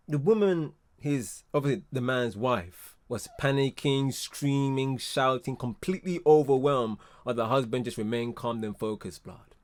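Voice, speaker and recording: A man talks through a reaction video in relaxed slang, calling his listener blood and fam. His voice sits at an ordinary middle pitch. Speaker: commentary host. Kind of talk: casual reaction commentary.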